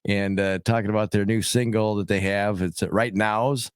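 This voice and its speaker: A man's voice: fairly low pitch, steady tone, moderate pace, smooth, no room sound, clean studio sound. A man hosting a radio show, asking a guest questions in a friendly, easygoing way. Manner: friendly, laughs easily. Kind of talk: casual radio interview.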